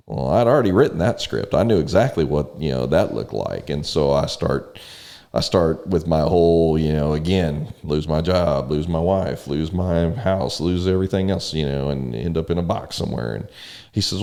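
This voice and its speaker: A man talking in a relaxed conversation, earnest and rambling, often repeating words as he tells stories. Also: very deep voice, moderate pace. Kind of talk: casual conversation.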